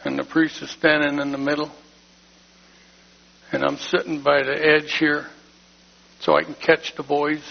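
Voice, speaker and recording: A man tells his personal testimony in church, plain-spoken and full of feeling. His voice is gravelly and husky, pitched a little high. The recording is dull and lo-fi. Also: completely flat delivery, measured pace, pauses often. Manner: emotional, plain-spoken storytelling. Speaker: speaker giving a testimony in church.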